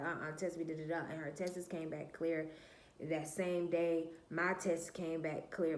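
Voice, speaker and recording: In a lowish, slightly bright voice with a roomy echo, a woman vlogger tells a personal story in a casual storytime monologue. She's candid and blunt, swears freely, and calls her viewers "y'all." She's emphatic, repeats herself, and trails off with "da, da, da."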